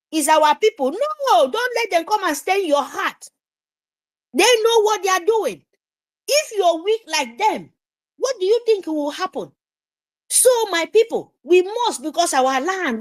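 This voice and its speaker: A woman's voice: sits high, no room sound, poor audio. A woman giving a fervent, emphatic rally speech full of repetition. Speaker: speaker at an online activist meeting.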